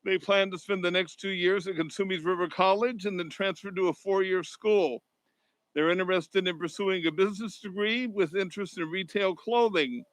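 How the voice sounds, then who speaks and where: High-voiced man presenting a scholarship. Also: steady tone, moderate pace, no room sound, rough recording. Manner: formal, reading prepared remarks. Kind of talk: formal award presentation.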